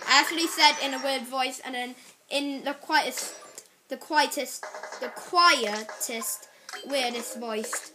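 A woman giving excitable live gameplay commentary and reacting loudly to the game. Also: high-pitched, takes it slowly, low-quality recording. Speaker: gaming channel host. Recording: loud game music behind voice. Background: loud video game music.

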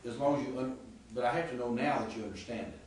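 A man's voice: mid-range voice, quick pace. A man teaching a Greek class, explaining with frequent restarts and checking that students follow. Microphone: far camera. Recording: echoey classroom from far off with faint noise.

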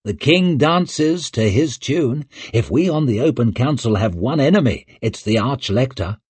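A man voicing a smooth, scheming male nobleman who talks in a persuasive, calculating way. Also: medium pitch, lively intonation, a little slow, darkish tone, no room sound, pitched above the performer's own voice.

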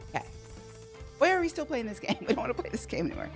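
Woman, stream host, excitable storyteller, swooping lively pitch, quick laughs. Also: soft background music. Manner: animated, excitable, laughs often, acts out quotes. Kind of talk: casual storytelling to a live chat. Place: home.

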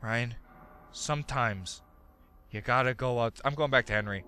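A man's voice: medium pitch, moderate pace, bright, forceful tone, smooth. A young man doing let's play commentary, jumpy and goofy, joking with his pet while he plays. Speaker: gaming video host.

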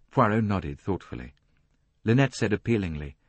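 A man narrating an audiobook in a calm, unhurried, understated manner. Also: low-pitched, breathy edge, dry recording. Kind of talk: scripted narration.

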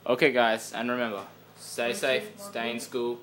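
A man's voice: medium pitch, level tone, a little slow, rough recording. A man giving casual, joking commentary on his own gameplay, rambling and bantering with viewers. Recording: loud game noise behind.

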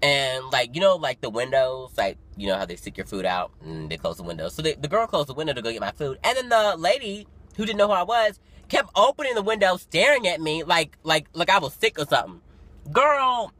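A man's voice: fairly high pitch, a little fast, hardly any pauses, dry recording. Chatty, dramatic nineteen-year-old guy. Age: young adult. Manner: chatty and dramatic, lots of fillers, swings into loud excited storytelling. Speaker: vlogger. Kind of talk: casual vlog talk to camera. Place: parked car. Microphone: phone camera.

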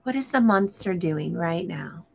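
Slow-spoken woman reading a picture book to a child. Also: on the low side, lively intonation, vocal fry. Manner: coaxing questions to the child, frequent gasps and "oh my goodness" exclamations. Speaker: storytime host.

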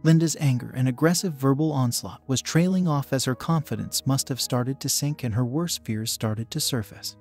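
A man giving a steady, scripted first-person narration of a story. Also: mid-range voice, moderate pace, few pauses, faint music behind.

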